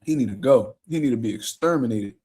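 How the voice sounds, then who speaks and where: A man's voice: medium pitch, lively intonation, fast, mellow, slightly rough. A young man hosting a casual livestream, reading viewer comments and chatting in a loose, profane way with frequent laughter. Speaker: boxing livestream host. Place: home room.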